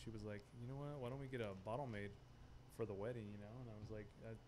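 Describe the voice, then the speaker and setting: A man's voice: fairly low pitch, fairly even intonation, fast, darkish tone, a little hiss or hum. A man guesting on a podcast, telling a story in laid-back casual chat with lots of fillers.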